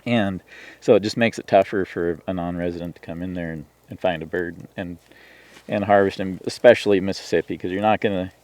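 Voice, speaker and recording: A deep, slightly mellow male voice with fairly even intonation speaks fairly quickly, with no room sound. He's a turkey hunter from Washington State, a podcast guest rambling through a hunting story full of "you know," fillers, and restarts.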